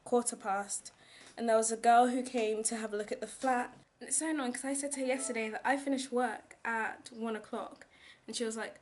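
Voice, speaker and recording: A woman's voice: a little high, steady tone, fairly quick. A young woman chatting casually in a vlog, rambling with lots of fillers. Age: young adult. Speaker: vlogger teaching abroad. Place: home kitchen, indoors.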